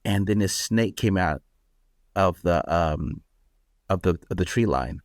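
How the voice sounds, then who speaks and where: A man's voice: deep voice, measured pace, no room sound. Rambling male podcast storyteller, dry sound. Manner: rambling, animated retelling. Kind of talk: casual storytelling.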